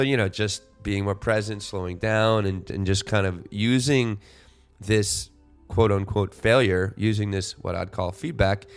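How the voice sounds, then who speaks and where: A man's voice: fairly low pitch, clean tone. A man in his forties hosting a solo podcast, talking reflectively and rambling with lots of "you know" fillers and restarts. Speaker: podcast host.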